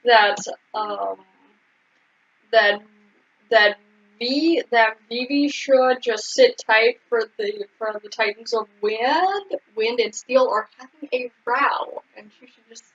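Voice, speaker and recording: A woman with a high, breathy voice chats about an anime episode. She talks in a loose, chatty way and uses "like" often. The audio is dull and lo-fi. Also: slow, a bit bright. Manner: chatty, leans on "like". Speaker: podcast co-host. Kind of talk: casual anime recap chat.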